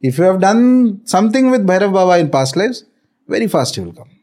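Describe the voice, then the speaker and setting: A man's voice: high-pitched, very animated, a little fast, darkish tone. A middle-aged man with an Indian accent explaining spiritual ideas through a story, dotted with fillers and Hindi words. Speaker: guest, spiritual author. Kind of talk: storytelling podcast conversation.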